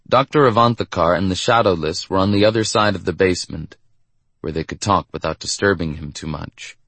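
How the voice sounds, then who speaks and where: A man with a fairly low voice reads a novel aloud in a measured, steady way. The recording is dry and close, with no room sound. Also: no echo. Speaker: audiobook narrator. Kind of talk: scripted narration.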